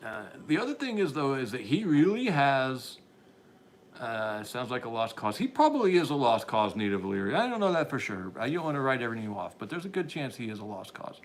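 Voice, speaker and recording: A male livestream host rambles through opinionated commentary while reading and answering viewer chat, often restarting sentences and chuckling. His voice sits in the mid range, with a little hiss or hum on the recording.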